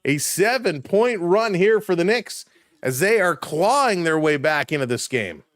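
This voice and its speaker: A man doing live play-by-play commentary for a stream, calling plays quickly and chatting with viewers in between. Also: high voice, no room sound, clean studio sound. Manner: rapid play calls, rising excitement on big plays, chatting with viewers.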